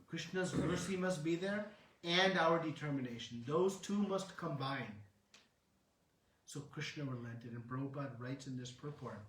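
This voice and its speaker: A man tells a sacred story as a devotional sermon, earnest and explanatory, with dramatic pauses. His voice sits slightly high for a man. It is heard from a distance in a roomy, echoing hall. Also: a bit bright, a little hiss or hum. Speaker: speaker.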